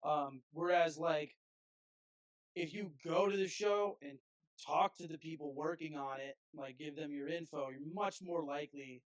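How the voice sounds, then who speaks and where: A man's voice: fairly high pitch, fairly even intonation, a little slow, dry recording, poor audio. Laid-back man full of fillers. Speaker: band frontman and guest. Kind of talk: casual podcast chat.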